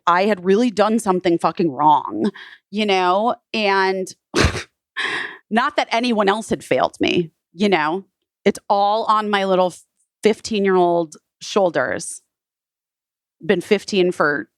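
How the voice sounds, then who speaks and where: A woman's voice: mid-range voice, dry recording, studio quality. A woman being interviewed, telling a personal story casually with many "like" fillers and quoted dialogue. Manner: frequent "like" fillers, retells others' words. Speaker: guest.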